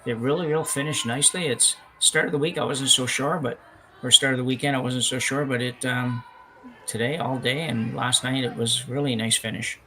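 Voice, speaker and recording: Brief: male curling commentator, gravelly bright voice, chatty and rambling, faint hiss behind. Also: mid-range voice, steady tone, moderate pace, poor audio. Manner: chatty, rambling, self-correcting. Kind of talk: live sports commentary, casual chat. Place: curling club, indoors.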